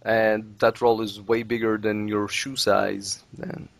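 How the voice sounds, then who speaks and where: A man's voice: fairly low pitch, level tone, unhurried, gravelly, dry recording. A man whose first language is Russian, chatting casually on a podcast as a guest, rambling and repeating words as he talks. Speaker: let's play creator, guest.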